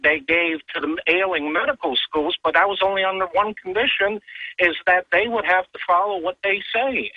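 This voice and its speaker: A man's voice: a little high, dry recording. A man calling in to a radio show, explaining his point in an earnest way. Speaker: caller. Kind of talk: phone-in call. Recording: dull lo-fi phone line.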